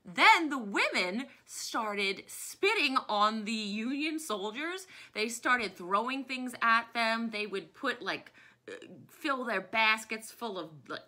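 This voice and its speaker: A woman in her thirties, from New Orleans, teaches history as a chatty storyteller who keeps wandering off on side notes. Her voice is very bright and sits a little high, and her pitch swoops up and down all the time. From New Orleans, USA. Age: 30s. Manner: chatty, digressive storytelling, acts out quotes. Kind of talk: history lesson.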